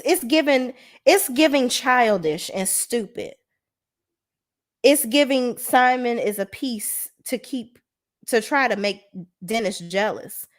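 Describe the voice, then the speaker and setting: A woman reviewing a reality TV show in casual video commentary, blunt, sassy and full of swearing. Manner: animated, swings between high exclamations and low asides.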